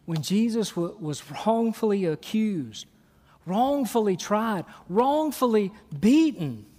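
A man's voice: high voice, expressive, slow pace, mellow. A middle-aged man preaching a sermon. He talks animatedly and acts out little scenes in his own voice. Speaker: pastor. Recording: long reverb of a church hall.

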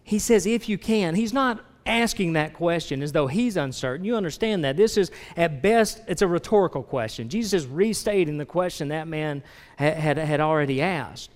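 Slightly high-voiced man preaching in a reverberant hall. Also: animated, moderate pace. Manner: conversational preaching, asks the congregation direct questions, frequent restarts. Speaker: pastor. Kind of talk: sermon. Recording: long reverb of a large hall.

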